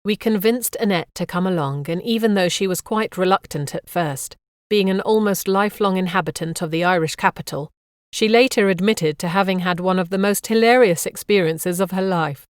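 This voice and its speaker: A woman narrating a memoir audiobook in a calm, measured reading voice. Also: lowish voice, no echo, studio quality.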